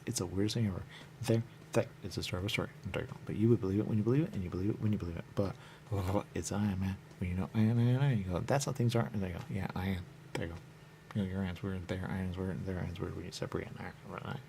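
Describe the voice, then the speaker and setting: This radio host's voice sits low and sounds gravelly yet warm, with fairly even intonation and rapid-fire delivery over slight background noise. He rambles through a repetitive solo monologue, drifting along and saying "there you go" often.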